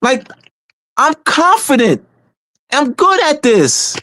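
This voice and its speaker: A community organizer hosting a meeting in unscripted livestream talk, emphatic and repetitive, often stumbling and restarting, moving between low, calm delivery and raised, shouting emphasis. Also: takes it slowly, no room sound, clean studio sound.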